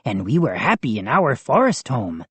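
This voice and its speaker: A woman's voice: extremely low pitch, big pitch swings, normal speed, breathy edge, dry recording, voice pushed down, heavily acted. A woman voicing an eager little male lawn gnome who squeals and implores. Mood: imploring.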